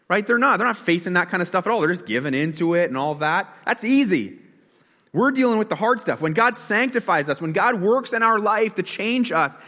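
A man's voice: high-pitched, a bit bright. A man preaching a sermon, talking casually with the congregation and asking them questions, and sometimes acting out a whining complaint in a raised voice. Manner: conversational, asks the congregation questions; acts out quoted whining with a raised voice. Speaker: pastor. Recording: long hall reverb.

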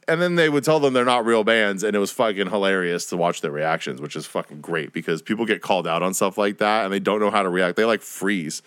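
A man's voice: on the low side, fairly bright tone, dry recording, clean studio sound. A young man ranting on his own podcast, rambling and profane, laughing and mocking people in silly voices. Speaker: podcast host. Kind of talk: solo podcast rant.

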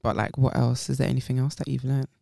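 A woman co-hosting a casual podcast chat, calmly asking gentle, probing questions. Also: very deep voice, fast talker, vocal fry, no echo, clean studio sound. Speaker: podcast co-host.

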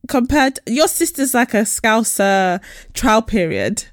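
A woman co-hosting a podcast in casual, teasing banter. Her voice is a little high and very lively in pitch. The recording is close and dry, with no room sound. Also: slow pace, no echo. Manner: playful, teasing, laughs a lot. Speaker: podcast co-host. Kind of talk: casual chat.

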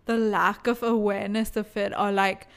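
A woman's voice: mid-range voice, little pitch movement, clear, resonant tone. Chatty Indian woman podcaster. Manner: chatty, full of "like", quick asides. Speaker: podcast co-host. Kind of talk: casual chat.

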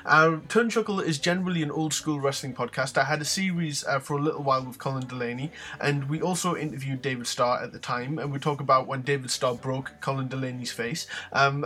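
A man's voice: mid-range voice, a bit bright. A man hosting a podcast in a casual monologue, rambling along with plenty of fillers and restarts. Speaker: podcast host.

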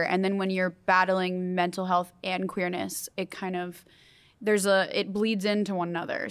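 A woman's voice: medium pitch, smooth. A young adult woman hosting a casual round-table podcast, talking candidly and earnestly with frequent fillers. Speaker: podcast host.

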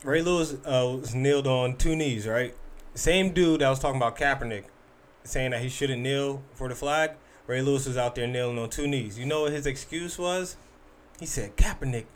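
A man in casual podcast chat, telling stories in a slangy, animated way. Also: mid-range voice, normal speed.

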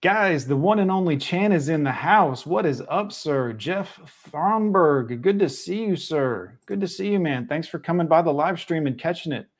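Male live-streamer, blunt and crude, a bit high-voiced, casual reaction commentary. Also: lively intonation, normal speed, hardly any pauses. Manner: blunt, profane, reacting to a clip.

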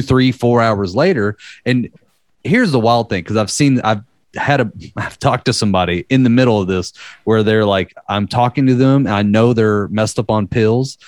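A man's voice: mid-range voice, dry recording. Rambling man telling a story, dry sound. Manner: loose, rambling, lots of fillers. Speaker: podcast host telling a story. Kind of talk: casual storytelling.

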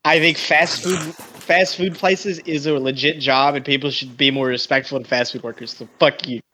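A man's voice: mid-range voice, fairly even intonation, moderate pace, pushed and bright. A man, a podcast guest talking casually and rambling, with lots of swearing and restarts.

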